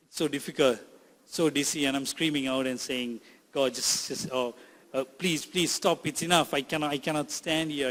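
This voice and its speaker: Man playing a frightened clay teapot, lower voice than his own, echoing in a reverberant hall. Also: a bit bright, lightly acted. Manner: first-person storytelling, cries out in distress. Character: clay teapot being shaped, frightened and complaining.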